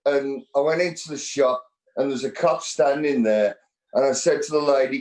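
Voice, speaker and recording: A man's voice: mid-range voice, a little mellow. A man with a British accent, a guest musician chiming in with jokes and short stories in casual chat. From Britain. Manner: joking, chiming in with quick asides. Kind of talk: casual chat on a live stream.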